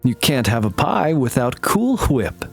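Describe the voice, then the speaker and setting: A scheming cartoon baby boy, put on by a man, leaning hard on his words with a slow, lively, swooping delivery. He keeps pressing the point with sly insistence. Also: medium pitch, creaky, soft background music.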